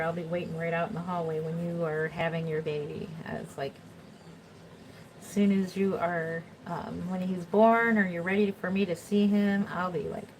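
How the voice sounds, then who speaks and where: A woman's voice: lowish voice, slight background noise, poor audio. A middle-aged woman chatting casually and rambling on a livestream as a doll artist, laughing often.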